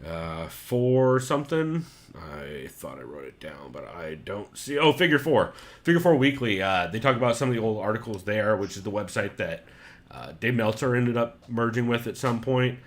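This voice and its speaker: A man co-hosting a podcast in casual, animated chat, cursing freely and jumping in with questions. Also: lowish voice. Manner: animated, swears freely, quick interjections. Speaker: podcast co-host.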